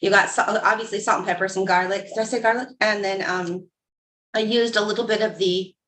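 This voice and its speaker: A woman's voice: mid-range voice, fairly even intonation, brisk, a bit bright. A woman casually chatting about how she cooked a meal, listing ingredients loosely. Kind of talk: casual chat about cooking.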